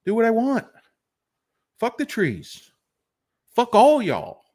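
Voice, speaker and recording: A man's voice: very high voice, wildly swooping pitch, slow, darkish tone, voice pushed up, heavily acted. A man doing a brash, swearing CEO. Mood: defiant. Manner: defiant, swearing. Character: brash foul-mouthed boastful male CEO.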